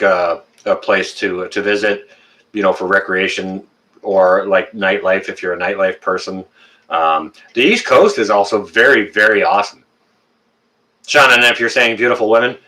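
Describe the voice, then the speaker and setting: Bright-voiced Canadian man in his fifties. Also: on the low side, normal speed. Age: 50s. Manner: joking, teasing, many fillers and restarts. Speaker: livestream host. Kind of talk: casual live-stream chat with viewers.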